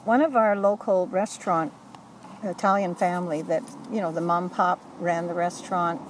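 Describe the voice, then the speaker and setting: Older woman, low-ish voice, earnest and halting storyteller; mic set back, traffic loud behind. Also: fairly even intonation, recorded from a distance, low-quality recording. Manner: earnest, halting, with self-corrections. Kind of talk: oral history recollection.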